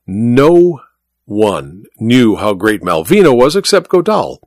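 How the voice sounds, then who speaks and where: A male narrator reading a classic tale with an expressive storytelling delivery. His voice sits at a middle pitch and moves lively up and down across phrases. The recording is close and dry, without room echo. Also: takes it slowly.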